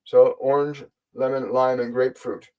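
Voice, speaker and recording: A man's voice: mid-range voice, little pitch movement, normal speed, clean tone, low-quality recording. A man hosting a live spiritual stream, earnestly guiding viewers and answering their questions, repeating key phrases for emphasis. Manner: gentle, speaks directly to viewers. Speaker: spiritual teacher and channel host.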